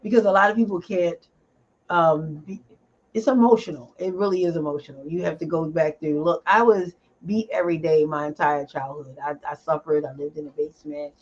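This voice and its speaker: Speaking in a low voice over dull lo-fi audio, this interview guest covers her advocacy work in a relaxed setting. She laughs readily, stays animated, and pads her pauses with fillers.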